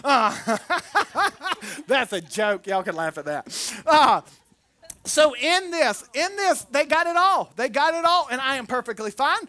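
A man preaches in a loose, storytelling way, slipping in jokes and taking on the voices of the people he describes. His tone is bright and ringing. The sound is dry and close, with no room echo. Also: very high voice, very animated, a little slow. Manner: folksy and joking, acts out the people in his stories. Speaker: pastor. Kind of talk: conversational sermon storytelling.

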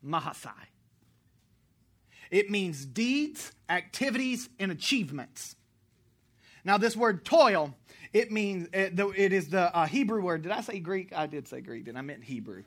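A pastor from the United States preaching a sermon, animated, joking with the congregation and correcting himself as he goes. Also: high-pitched, a little slow.

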